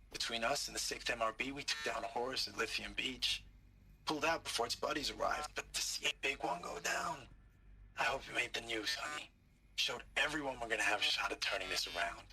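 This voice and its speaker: A man's voice: medium pitch, gravelly, bright, forceful tone, a little hiss or hum. An actor playing an adult male soldier recording an upbeat, chatty letter home in a video game audio log.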